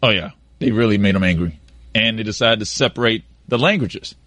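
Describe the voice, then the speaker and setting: Lower-voiced man, matter-of-fact. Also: fairly quick, a bit bright. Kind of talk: casual radio banter.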